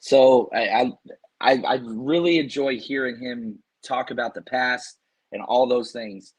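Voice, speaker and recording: Man, podcast host, husky, worn-out voice, amped up, animated fan talk. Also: medium pitch, a little slow. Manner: hyped, animated, reads fan super chats. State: losing his voice from screaming. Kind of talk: excited sports podcast talk.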